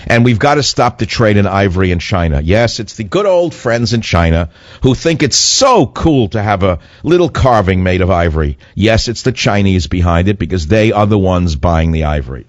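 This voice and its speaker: A man's voice: lowish voice, lively intonation, normal speed, no echo. A man hosting a radio talk show, delivering an emphatic monologue that repeats its points for effect. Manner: emphatic, repetitive, mocking whiny voices. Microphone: studio microphone. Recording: muffled dry radio broadcast.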